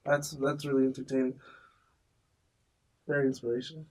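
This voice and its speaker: A man's voice: mid-range voice, flat delivery, brisk, far from the mic. A young man in casual podcast chat, joking, swearing and laughing easily. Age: young adult. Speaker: podcast co-host.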